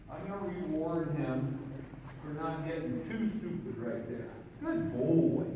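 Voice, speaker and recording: A man demonstrating horse groundwork in an outdoor round pen, talking in a relaxed, folksy way and chatting to the horse, picked up from far off. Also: fairly high pitch, very echoey, long reverb tail, a little hiss or hum. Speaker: horse trainer. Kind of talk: instructional demonstration.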